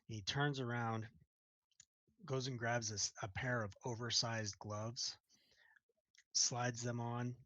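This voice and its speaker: A man's voice: medium pitch, fairly even intonation, slow pace, pauses often, a bit bright, no echo. A man narrating as game master of a tabletop role-playing game in a casual, vivid way.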